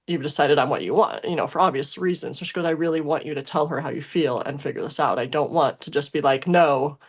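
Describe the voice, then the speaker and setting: A young adult woman on a podcast, talking in a casual, emotional way about a past relationship, with lots of fillers and restarts. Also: deep voice. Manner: emotional, rambling with many fillers and self-corrections. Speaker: podcast co-host. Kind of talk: casual conversational storytelling.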